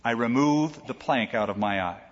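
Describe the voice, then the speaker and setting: A man's voice: medium pitch, expressive, moderate pace. A male pastor delivering a sermon in a conversational, storytelling way, with emphatic points. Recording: echoey hall, dull sound.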